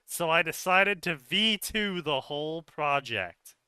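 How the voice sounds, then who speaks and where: Bright-voiced man reading with sarcastic asides. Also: fairly high pitch, animated, takes it slowly, clear, resonant tone, dry recording. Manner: swears often, mocking asides. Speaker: co-host reading fanfiction aloud. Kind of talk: sarcastic commentary on a read-aloud text.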